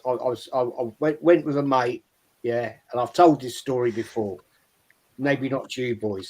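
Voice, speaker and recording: On a football podcast, a man with a medium-pitched voice tells a rambling story, swearing often and tossing in plenty of "right?". He's a panelist and an Arsenal fan, and the talk is casual football chat and storytelling.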